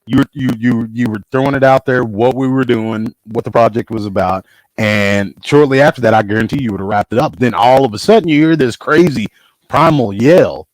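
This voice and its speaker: A man's voice: medium pitch, a little fast, dry recording, rough recording. Emphatic man hosting a casual talk show. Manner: enthusiastic, emphatic, restarts sentences. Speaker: show host. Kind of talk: casual podcast conversation.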